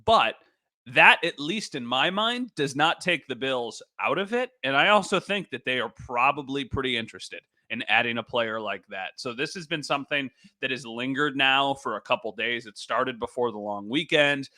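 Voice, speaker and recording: A man's voice: medium pitch, lively intonation, moderate pace, bright, forceful tone, dry recording. A man co-hosting a sports podcast, a sports reporter, chatting casually with a joking, self-deprecating manner.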